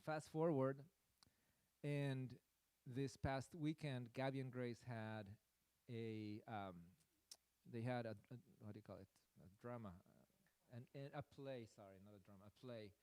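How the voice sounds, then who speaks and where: A man's voice: mid-range voice, steady tone, a little slow, a little mellow, clean tone, no echo. A man preaching a sermon through a personal story, in a rambling, self-deprecating way with many fillers.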